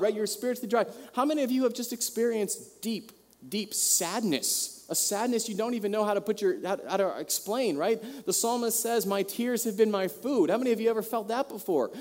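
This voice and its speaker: A man's voice: high voice, darkish tone. A man preaching a sermon to a congregation, earnest and full of questions to his listeners. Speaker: pastor. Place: church hall. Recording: long reverb of a hall.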